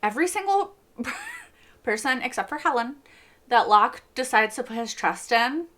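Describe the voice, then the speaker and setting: A young woman talks through a TV episode she just watched, in a casual, excitable reaction-video style. Her voice is bright and forward, and her speech comes in chatty bursts full of asides. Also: on the high side, moderate pace.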